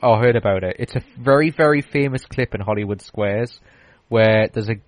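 A man's voice: fairly low pitch, fairly quick, dry recording, rough recording. A man hosting a podcast, chatting casually and rambling through stories with lots of restarts and fillers. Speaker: podcast host. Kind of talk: casual chat.

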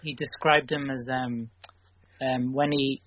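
A man's voice: medium pitch, flat delivery, takes it slowly. Hesitant man in a podcast chat. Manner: loose, hesitant storytelling. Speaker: podcast co-host. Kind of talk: casual chat. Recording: dull lo-fi audio with faint noise.

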